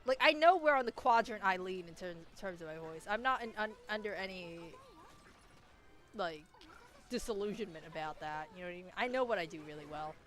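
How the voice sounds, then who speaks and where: A woman's voice: medium pitch, expressive, a little fast, a bit bright. A young woman streamer with a nasal voice, chatting casually and rambling with lots of restarts while she plays a game. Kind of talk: casual chat while gaming.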